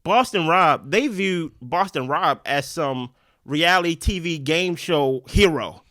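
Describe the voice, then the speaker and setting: In a casual recap chat, a man breaks down game strategy at a quick, lively clip, his fairly high voice punctuated by frequent "right?" He's a podcast co-host, recorded close and dry without any room sound.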